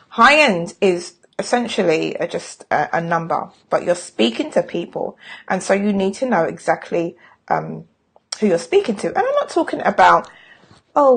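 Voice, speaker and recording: A woman's voice: lowish voice, husky. A middle-aged woman talking casually on a live stream as a sales coach, frank and chatty, with self-mocking jokes.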